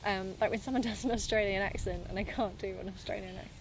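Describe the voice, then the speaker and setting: A woman improviser talks casually as a podcast guest, laughing often and filling pauses with ums and likes. Her voice sits at an ordinary pitch. A faint hiss of background noise runs under the recording. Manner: lively, laughing, chatty with many fillers. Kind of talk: casual interview chat. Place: London.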